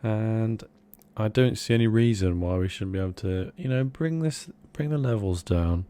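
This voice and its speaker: A young man co-hosting a casual comedy podcast, rambling in a mock-earnest, deadpan way. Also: lowish voice, normal speed, smooth. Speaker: podcast co-host.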